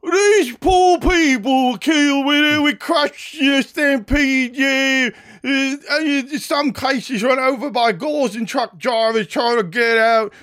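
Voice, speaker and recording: A haughty British propagandist, his voice pushed up high and sneering, as a podcast host puts him on in an over-the-top fake accent. The delivery mocks and exaggerates every word. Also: takes it slowly, hardly any pauses, fairly bright tone, heavily acted. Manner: mocking, exaggerated.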